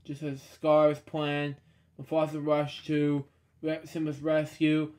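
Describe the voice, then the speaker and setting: A man reading a children's storybook aloud, stumbling over words and dropping sarcastic deadpan asides. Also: on the high side, takes it slowly.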